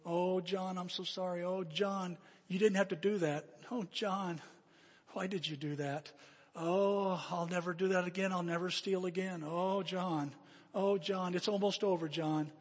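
A man voicing a poor, skinny schoolboy who begs with remorse, in a husky voice. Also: high-pitched, fairly even intonation, a little slow, long reverb tail. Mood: remorseful.

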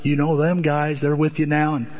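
A man voicing a weary film-star farmer at prayer in a halting, drawn-out drawl. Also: fairly high pitch, monotone, natural voice. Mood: anguished. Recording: dull echoey hall recording.

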